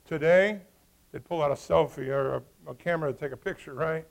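A man preaching a sermon in an animated way, acting out the story's characters as he goes. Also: a little high, fairly quick, gravelly. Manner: animated, acts out voices of the characters. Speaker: pastor.

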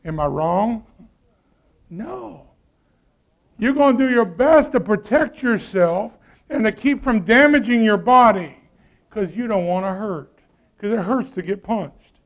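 A man's voice: high-pitched, lively intonation, measured pace, long pauses. A man preaching a sermon in a conversational way, often putting questions to the congregation. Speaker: pastor.

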